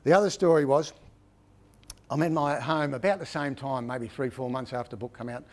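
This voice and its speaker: A middle-aged Australian man tells stories at a book presentation. He talks in a loose, conversational way, with restarts and a habit of asking "right?". His pitch sits in an ordinary middle range. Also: fairly even intonation, brisk. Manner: chatty, repeats "right?" often, rambling with restarts. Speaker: author giving a book talk. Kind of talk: casual storytelling presentation.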